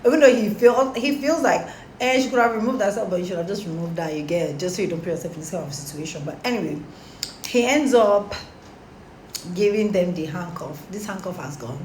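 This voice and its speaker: A woman's voice: medium pitch, a little fast. Young woman, casual storytime, slangy, roomy echo, faint background hum. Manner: animated, slangy, laughs at her own story. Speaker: storytime vlogger.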